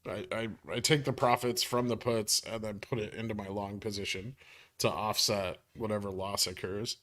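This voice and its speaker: A man's voice: on the low side, steady tone, normal speed, fairly bright tone. A man from New York chatting casually on a livestream about stock trades, reading viewers' questions aloud and answering offhand, with some swearing. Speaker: stock market streamer.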